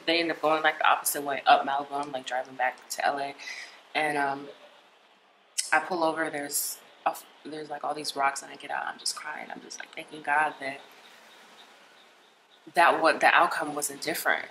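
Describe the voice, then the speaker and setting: A woman's voice: sits low, sharp tone, a little hiss or hum, low-quality recording. A young woman, retelling a personal experience in a conversational, emotional way with many fillers. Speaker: vlogger. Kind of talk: personal storytelling.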